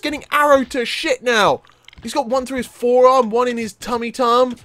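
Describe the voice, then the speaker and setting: A man doing let's play commentary, excitable, yelping and laughing at the action on screen. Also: very high voice, normal speed. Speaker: gaming commentator.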